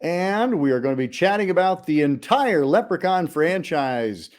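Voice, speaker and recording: A man hosts a horror podcast, his pitch rising and falling with lots of energy. He reads a dramatic scripted opening, then slips into easy, friendly conversation. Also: moderate pace. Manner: lively, theatrical delivery. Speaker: podcast host. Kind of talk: scripted intro then casual chat.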